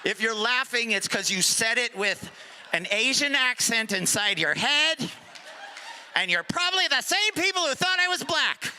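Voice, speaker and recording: A man doing stand-up with a strikingly high and very bright, cutting voice. His delivery swoops widely in pitch, sarcastic, now and then sinking into low mumbled asides. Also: expressive, moderate pace, a little hiss or hum. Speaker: stand-up comedian. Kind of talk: stand-up comedy set. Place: live comedy venue. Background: audience laughter.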